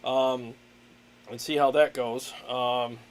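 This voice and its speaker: A man hosting a casual livestream, chatting in a relaxed way with many fillers and frequent laughs. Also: medium pitch, slow pace, smooth. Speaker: livestream host, guitarist.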